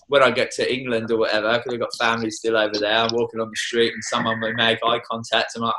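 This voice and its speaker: A man's voice: mid-range voice, monotone, quick pace, few pauses, bright, forceful tone, slight background noise, rough recording. A young Australian man, a tour guide, talking passionately and swearing freely as a guest in a podcast studio. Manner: passionate, heavy swearing, preachy. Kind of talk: casual podcast conversation.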